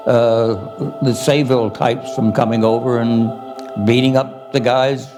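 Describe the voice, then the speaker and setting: A man recalling the past for a documentary interview, in a measured, plain way. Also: mid-range voice, little pitch movement. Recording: music bed behind voice.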